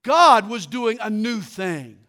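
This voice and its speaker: A man preaching a sermon, telling stories with humor and dropping low and quiet for his punchlines. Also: slow pace. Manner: animated storytelling, drops to quiet for punchlines.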